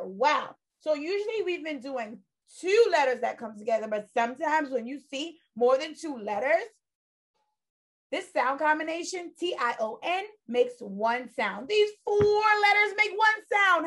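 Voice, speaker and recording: A woman teaching a phonics lesson to young children, stretching out sounds in a sing-song, encouraging way. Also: sits high.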